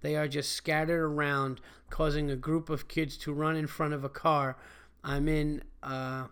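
Podcast host, man, slightly high smooth voice, loose and profane, reads listener mail, close mic. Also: level tone, measured pace, a bit bright. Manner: loose, swears freely, chuckles mid-sentence. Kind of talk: reading listener emails and casual chat.

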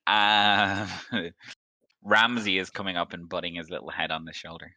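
A man's voice: low-pitched, flat delivery, normal speed, bright, forceful tone, dry recording, highs cut off. A man narrating a tabletop game as game master, with frequent laughs and hesitant fillers.

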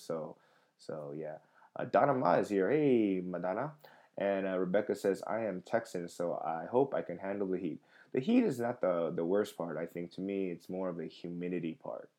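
A man in his thirties with a low, mellow voice hosts a live comedy podcast. He reads viewer comments and chats casually, rambling along with plenty of fillers and false starts.

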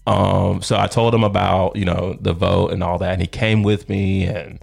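A man in his thirties, a podcast co-host, telling a long story in a rambling, animated way with lots of fillers. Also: low-pitched, normal speed, gravelly, breathy edge. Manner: rambling, animated, laughs often, many fillers. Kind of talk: casual storytelling chat.

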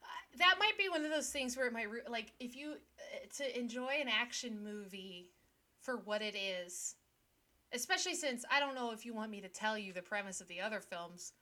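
Bright-voiced playful young woman. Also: fairly high pitch, expressive. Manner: playful, joking, quick to laugh. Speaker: podcast co-host. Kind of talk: casual chat.

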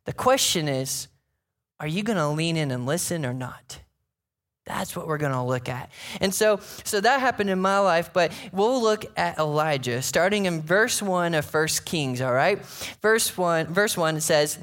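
A man preaching a sermon as pastor, talking conversationally with frequent "right?" asides and animated retellings of scripture. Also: on the high side, a little slow.

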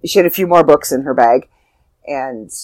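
A woman's voice: a bass voice, moderate pace, a little mellow, no room sound, rough recording. Older woman telling a heartfelt story. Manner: heartfelt, rambling with fillers and restarts. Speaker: author. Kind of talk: casual personal storytelling.

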